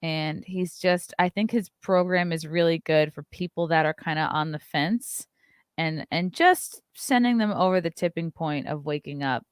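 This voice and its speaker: A woman's voice: low-pitched, normal speed, smooth, dry recording, studio quality. A woman hosting a casual commentary show, chatting loosely and swearing now and then while playing clips.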